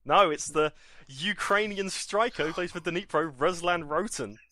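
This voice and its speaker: Man, podcast quiz host, casual chat, jokey, bright sharp tone. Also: high voice, moderate pace, no echo. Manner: playful, jokey, mock-pompous.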